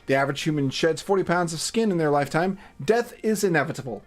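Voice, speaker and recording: A man's voice: a little high, animated, fast talker, slight background noise, lightly acted. A man voicing a formal, pedantic robot with a screen for a face, in a raised, prim and precise voice while reading a game aloud. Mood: cheerful.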